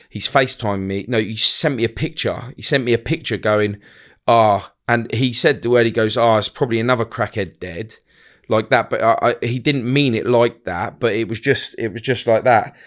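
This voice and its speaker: A middle-aged man telling a personal story in a blunt, halting way, often restarting his sentences and acting out other people's words. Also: on the low side. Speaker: guest.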